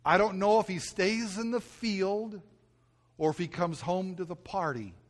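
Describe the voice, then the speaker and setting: Speaking unhurriedly in a high-pitched voice, a male pastor shares a personal story during a heartfelt sermon. When emotion takes him, he often sinks to a hushed whisper and says things more than once.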